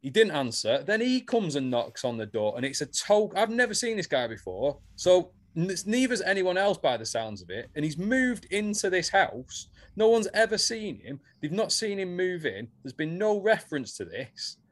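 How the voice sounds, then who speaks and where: A man with a slightly higher voice than most, telling a story in a loose, animated way. He swears freely and keeps the chat rolling, like a podcast co-host. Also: normal speed, hardly any pauses. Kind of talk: casual chat recapping a soap.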